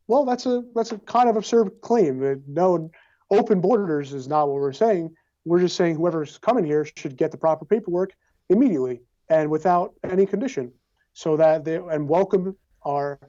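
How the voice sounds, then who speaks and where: A man's voice: high-pitched, warm tone. A young man answering as a congressional candidate in an interview, earnest and speechlike, with repeated phrases, on slightly dull lo-fi audio. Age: young adult.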